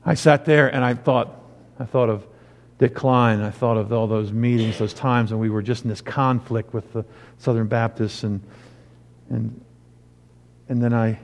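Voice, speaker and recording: A man's voice: medium pitch, fairly even intonation, a little slow, pauses often. A man preaching a sermon as pastor, telling a personal story and rising into emphatic preaching. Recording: long hall reverb.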